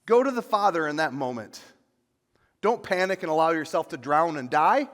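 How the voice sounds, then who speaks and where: A male pastor preaching a sermon, building to loud, emphatic peaks on dramatic lines. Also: fairly high pitch, animated, normal speed. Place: church sanctuary. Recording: long church reverb.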